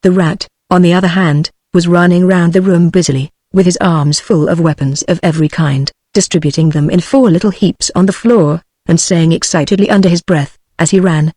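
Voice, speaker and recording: A text-to-speech woman's voice with a British accent, reading a storybook aloud in an even, measured way. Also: on the low side, no room sound. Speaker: audiobook narrator. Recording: dry synthetic voice.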